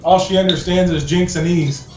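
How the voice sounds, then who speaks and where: A man's voice: high voice, fairly even intonation, normal speed, darkish tone. A young man rambling casually in a laid-back way, full of fillers. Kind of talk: casual chat. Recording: roomy echo, game music.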